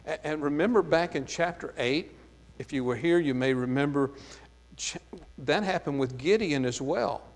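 A man from the American South, with a light accent, teaches a Bible study sermon, reading verses aloud and then explaining them with frequent "uh, there" fillers. His voice is on the high side and his pace moderate. A hall's long reverb colors the recording.

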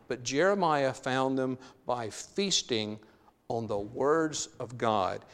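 A man's voice: mid-range voice, slow pace, fairly bright tone, smooth, in a large hall. A man preaching a sermon, reading scripture aloud with emphasis and then paraphrasing it in a conversational way.

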